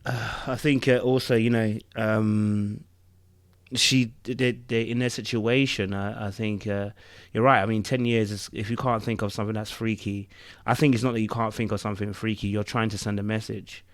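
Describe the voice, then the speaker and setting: A man's voice: lowish voice, little pitch movement, normal speed, no room sound, studio quality. A man co-hosting a casual review podcast, thinking aloud with rhetorical asides and frequent restarts. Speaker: podcast co-host.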